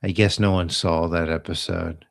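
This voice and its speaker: A man casually retelling old TV episodes in a slow, meandering way, trailing off into asides. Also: deep voice, little pitch movement, gravelly. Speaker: host of a live healing stream. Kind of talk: rambling casual storytelling.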